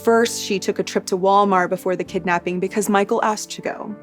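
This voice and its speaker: A woman hosting a true crime channel, giving a steady, measured scripted narration. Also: medium pitch. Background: soft background music.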